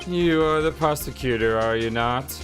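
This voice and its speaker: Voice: mid-range voice, normal speed, natural voice. A player reading lines for a cool, formal male prosecutor in a courtroom video game, over game music. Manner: formal and curt.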